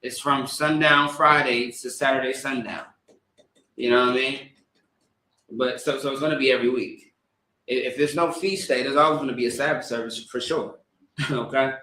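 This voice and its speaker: A man leading a religious service, reading scripture haltingly with stammered repeats, then preaching in a casual, rambling way. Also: mid-range voice, fairly even intonation, pushed and bright, a little hiss or hum. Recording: echoey room.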